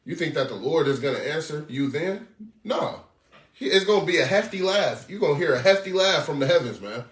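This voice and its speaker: Street preacher, male, animated and slangy, fairly high voice, recorded far off in an echoey room. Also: a little fast. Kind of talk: sermon commentary on scripture.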